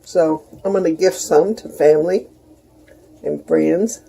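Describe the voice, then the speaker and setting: Gravelly, chatty middle-aged woman. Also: low-pitched, unhurried, mellow. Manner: chatty, rambling, homey asides to viewers. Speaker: home cooking vlogger. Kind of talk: casual kitchen chat.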